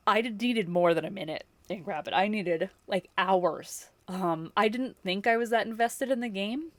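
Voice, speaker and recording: A woman streamer with a slightly low voice talks loosely to her audience, gushing and rambling with plenty of ums and laughs. Her voice sits close and dry on the mic, with no room sound around it. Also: a bit bright, dry recording. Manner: chatty and effusive, with filler words and frequent laughs. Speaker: livestreamer. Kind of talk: casual chat with viewers.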